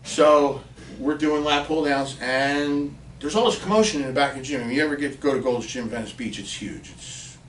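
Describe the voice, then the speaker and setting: A man in his fifties from Pennsylvania spins a casual, animated story as a podcast guest and swears now and then. His voice sits at an ordinary middle pitch. The mic is some way off in a reverberant room. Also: moderate pace, slight background noise. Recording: roomy and distant from the mic.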